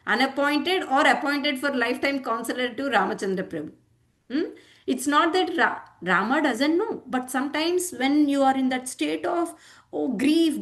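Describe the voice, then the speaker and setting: A woman giving a devotional discourse, animated, acting out quotes and checking in with "hmm?" and "huh?" asides. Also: high voice, moderate pace. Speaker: spiritual teacher.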